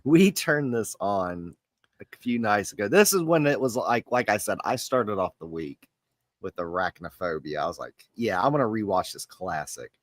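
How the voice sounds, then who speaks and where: Co-host, male, lowish voice, relaxed and laughing, dry mic. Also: normal speed, no room sound. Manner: laid-back, laughing, swears casually. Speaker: podcast co-host. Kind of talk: casual movie chat.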